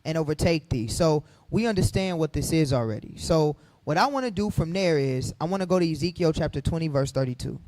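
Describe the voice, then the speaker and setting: A man teaching from the Bible to a group, fiery and preachy, firing questions at the room and rising to shouts. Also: on the high side, lively intonation, a little fast, hardly any pauses, no echo.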